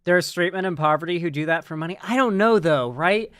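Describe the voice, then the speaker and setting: A man with a fairly high voice talks straight into a dry, close mic, hosting a loose online commentary show. He rambles and restarts his sentences often, swearing casually as he goes. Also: fast talker, fairly bright tone, clean tone, no echo. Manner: rambling, many restarts and fillers, swears freely. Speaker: political commentary host.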